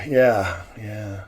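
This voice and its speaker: A man's voice: lowish voice, bright, forceful tone, slightly rough. A man hosting a livestream, recapping a film in a casual, rambling way with many restarts and frequent chuckles. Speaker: livestream host. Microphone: livestream mic.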